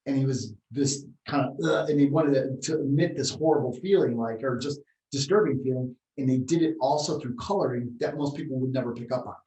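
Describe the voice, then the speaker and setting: Guy chatting on a podcast, rambling animated stories, echoey room, kinda far from the mic. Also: mid-range voice, fairly quick. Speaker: martial arts podcast co-host. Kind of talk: casual chat. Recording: roomy, set back from the mic.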